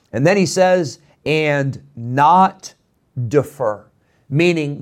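Male preacher, earnest and pleading, fairly high-pitched sermon delivery. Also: measured pace. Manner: earnest, pleading, emphatic repetition. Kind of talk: radio sermon.

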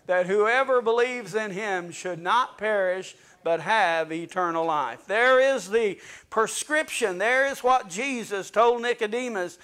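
A man's voice: high-pitched, measured pace, hardly any pauses, a bit bright. A male pastor preaching a fervent sermon and reading scripture aloud to his congregation.

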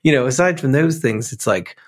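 A middle-aged musician from Pennsylvania, a guest in a casual interview, speaking reflectively and rambling with many fillers. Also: male voice, mid-range voice, animated, brisk.

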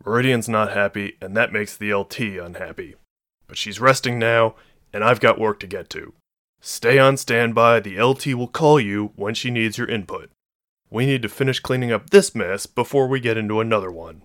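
A man's voice: on the low side, normal speed, fairly bright tone, lightly acted. A man voicing a curt, short-tempered male sergeant who snaps and barks orders in an audiobook. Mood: terse. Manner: snapping, barking orders.

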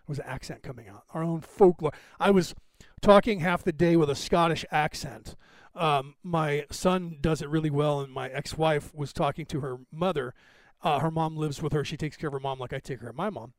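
American guy rambling on his podcast, lots of ums and restarts, kinda high voice, dry sound. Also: moderate pace, dry recording. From United States. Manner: rambling, many fillers and restarts. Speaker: podcast host. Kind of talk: casual commentary.

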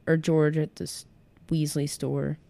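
A woman's voice: low voice, level tone, a little slow, gravelly, dark tone, dry recording. A young woman chatting casually about books, rambling with lots of fillers and giggles.

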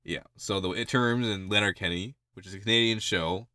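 A man co-hosting a podcast in casual chat, animated and laughing often through his jokes. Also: on the low side, no echo, clean studio sound. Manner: animated, laughs often mid-sentence, quick jokey asides. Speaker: podcast co-host.

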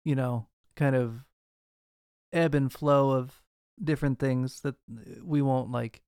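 A man's voice: mid-range voice, steady tone, slow, a little mellow, smooth, no room sound, clean studio sound. A man hosting a movie podcast, chatting casually and steering the talk. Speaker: podcast host. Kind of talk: casual chat.

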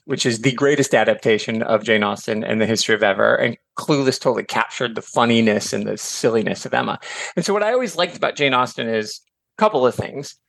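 Male podcast guest, mid-pitched, talkative and digressive, casual swearing, dry close sound. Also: dry recording. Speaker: podcast guest, author and teacher. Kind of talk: casual chat.

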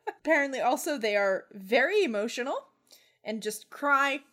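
A woman's voice: high-pitched, very animated, unhurried, fairly bright tone. Giggly, profane young woman telling a legend. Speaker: podcast co-host. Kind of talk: casual storytelling.

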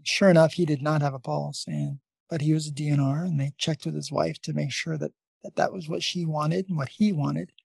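A man's voice: on the high side, fairly even intonation, fairly quick, gravelly, a little mellow, breathy edge, no echo. A man who is a nurse and podcast host, telling a long story in a casual, rambling way with many restarts.

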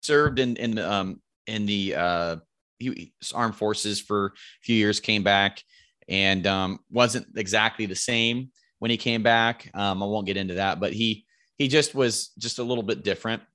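A man's voice: on the low side, measured pace, sharp tone, no echo, studio quality. A man, likely in his thirties, casually telling a rambling, profane hunting story and raising his voice to quote his friends.

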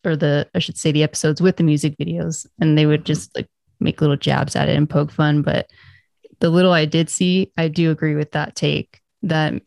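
A woman in a casual podcast chat, relaxed and chatty, swearing casually. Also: low voice, normal speed, vocal fry, dry recording. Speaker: podcast co-host or guest.

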